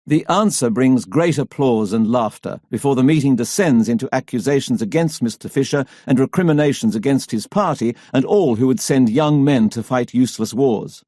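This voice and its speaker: A man narrating a history audiobook in a measured, even storytelling manner. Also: mid-range voice, dry recording, studio quality. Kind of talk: scripted narration.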